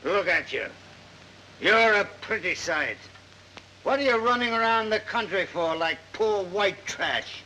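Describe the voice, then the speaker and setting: Crusty, bark-prone old plantation grandpa, high bright voice swinging all over; old family movie. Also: male voice, animated, a little slow, slight background noise, exaggerated voice, poor audio. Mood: gruff scolding. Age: older. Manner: gruff, barking. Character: stern hot-tempered old male plantation owner. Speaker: estranged grandfather. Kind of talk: 1930s film acting.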